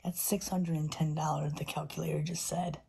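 A woman's voice: deep voice, level tone, brisk, dark tone. A woman livestreaming to her viewers, overwhelmed and gasping out exclamations, often dropping to a whisper. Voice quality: very breathy, husky voice. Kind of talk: live stream chat with viewers.

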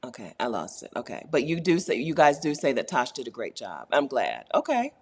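A woman hosting a casual live stream, reading chat comments aloud, animated and laughing often, repeating her points for emphasis. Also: extremely low pitch, brisk, husky. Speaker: YouTube host answering live chat.

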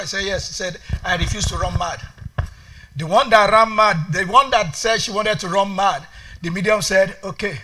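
A man preaching a sermon as pastor, shouting calls to the congregation and dropping to quiet storytelling. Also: high-pitched, moderate pace. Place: church sanctuary.

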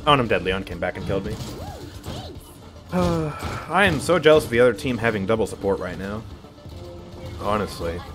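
Lively-voiced man streaming a game. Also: fairly low pitch. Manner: chatty, reacts to the match and reads chat aloud. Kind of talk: casual gameplay commentary.

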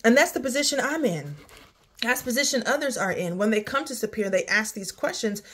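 A woman's voice: fairly high pitch, lively intonation, a little fast, fairly bright tone, breathy edge. A woman talking candidly in a personal vlog, sighing often as she drifts from work troubles to faith. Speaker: vlogger. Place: outdoors near her home, rain starting.

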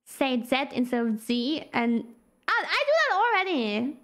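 High, bright-voiced excitable woman streamer. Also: a little slow. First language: German. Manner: excitable, swears, sings along and laughs. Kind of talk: casual gaming stream. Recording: faint music behind.

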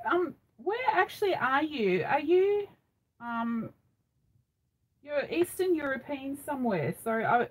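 A middle-aged Australian woman runs a craft channel live stream, chatting casually and rambling with frequent ums. Her voice is fairly high, and the phone recording sounds rough.

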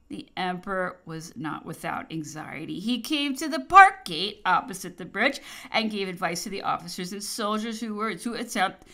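A woman narrating a historical memoir as an audiobook, reading with expressive, varied emphasis. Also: medium pitch. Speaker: audiobook reader.

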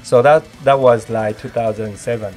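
A man from Taiwan with a Taiwanese accent, Taiwanese Hokkien his first language, talking as a podcast guest in casual chat, halting and reaching for words with many fillers. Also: mid-range voice, steady tone, a little mellow, soft background music.

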